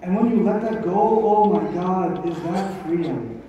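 An Islamic speaker with a high, mellow voice gives a live religious talk to an audience in a large event hall, speaking at a measured pace and emphatically, using rhetorical questions and repetition. He's far from the mic in an echoey, dull hall recording made from afar, with a little hiss or hum.

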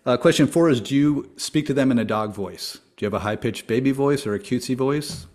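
A man hosting a podcast, asking a guest questions in an upbeat way and slowing down to stress key words. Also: mid-range voice, a little mellow. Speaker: podcast host. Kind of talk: casual interview questions.

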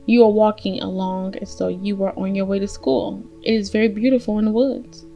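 A woman's voice: medium pitch, steady tone, brisk, gravelly, warm tone, lo-fi sound, soft background music, lightly acted. A woman voicing a sly, wicked male wolf in a read-aloud fairy tale, sweet-talking his prey. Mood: scheming.

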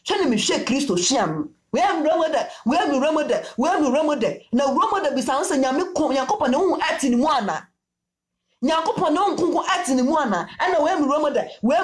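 A woman's voice: high voice, roomy sound. A woman preaching a sermon in Twi with English phrases, repeating her key lines again and again. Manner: repetitive call-and-response preaching, mixing Twi with English phrases. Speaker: prophetess preacher.

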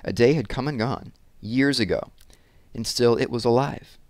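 A man narrating a children's novel in a measured, expressive storybook style. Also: medium pitch, no echo. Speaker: audiobook narrator.

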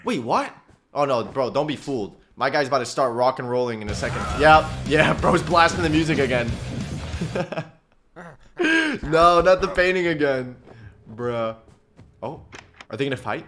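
A man giving casual reaction commentary on a cartoon, excitable and slangy, laughing often. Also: mid-range voice, normal speed, music in the background.

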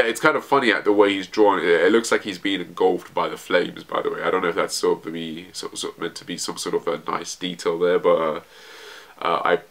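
A man's voice: sits low, fairly bright tone. A man giving a casual manga chapter review, rambling with lots of fillers and self-corrections.

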